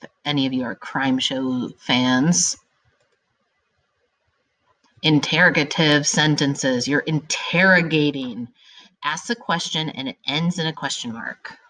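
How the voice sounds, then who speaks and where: An upbeat woman teacher takes young students through a grammar lesson. Her voice sits a little low. She is animated and drags out her example sentences to make them stick. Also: takes it slowly, long pauses.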